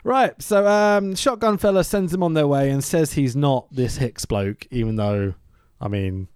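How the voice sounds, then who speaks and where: A man's voice: a little high, unhurried, a little mellow, smooth, no room sound, studio quality. A man co-hosting a podcast, recapping a film in casual chat, laughing, swearing and acting out scenes.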